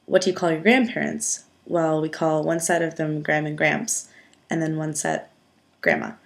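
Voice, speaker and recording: A woman's voice: low-pitched, steady tone, normal speed. A young woman from from there, chatting casually and self-deprecatingly through a challenge vlog into a webcam mic at home. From upstate New York. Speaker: vlogger.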